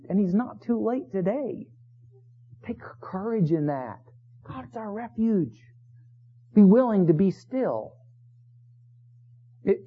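A man preaching a sermon as pastor, swinging from hushed lines to loud emphasis. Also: fairly high pitch, breathy edge. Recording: tinny phone-like recording.

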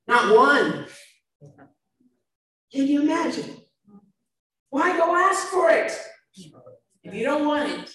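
A woman preaching a sermon, animated, shifting between loud and soft emphasis. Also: high voice. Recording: echoey room, mic far off.

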